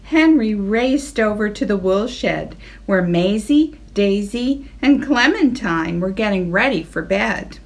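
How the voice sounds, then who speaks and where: Slow expressive woman reading aloud. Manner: slow, expressive, voicing animals with pitch jumps. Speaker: children's librarian reading aloud. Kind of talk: read-aloud storytelling.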